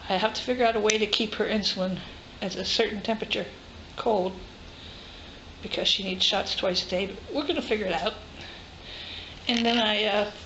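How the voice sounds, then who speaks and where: A woman's voice: medium pitch, fairly bright tone. An older woman vlogging casually, chatty and enthusiastic as she shows her gear, first in a garage and then outside by a car. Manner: chatty and enthusiastic, thinking aloud. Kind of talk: casual show-and-tell video. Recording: dull recording with noise behind.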